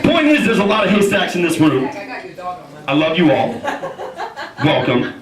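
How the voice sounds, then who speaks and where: Man, 30s, stand-up host, loud banter, high voice, distant mic, big crowd. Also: very animated, normal speed, echoey room. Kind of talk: stand-up comedy at a house party. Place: large room in a house, with a live audience.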